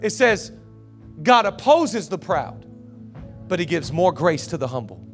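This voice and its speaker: A man's voice: sits high, sing-song, unhurried, faint music behind. A male pastor preaching a sermon, urging his congregation on with passion.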